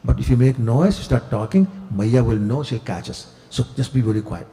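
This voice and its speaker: Brief: male speaker doing a cheeky little boy caught stealing butter, pleading sweetly, mellow tone. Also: mid-range voice, expressive, moderate pace, a little hiss or hum, natural voice. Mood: hushed coaxing. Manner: pleading, innocent, coaxing. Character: mischievous little boy Krishna, butter thief.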